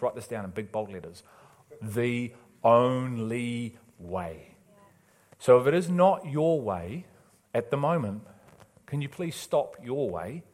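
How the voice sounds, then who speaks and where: In a church, a man with a medium-pitched voice preaches a passionate, emphatic sermon. He swings between loud, urgent calls and quiet pleading.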